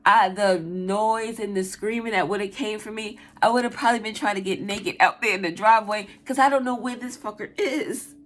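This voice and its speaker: A woman's voice: medium pitch, normal speed, few pauses. A woman doing a tarot reading, who first tells a casual story with lots of swearing and laughter. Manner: animated, profane, laughs while telling a story. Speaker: tarot reader.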